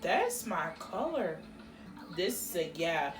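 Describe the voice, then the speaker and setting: A woman vlogger with a low voice and big pitch swings takes her time chatting through a beauty unboxing, exclaiming as she goes. She sits far from the mic, and there's room echo with faint music underneath.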